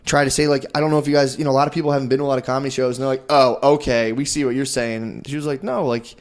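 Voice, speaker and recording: A man co-hosting a comedy podcast, rambling through a chaotic anecdote and acting out everyone's lines in a higher voice. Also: level tone. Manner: rambling, fast, acts out quotes with raised pitch, peppered with "dude". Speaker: podcast co-host. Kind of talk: casual comedy podcast storytelling.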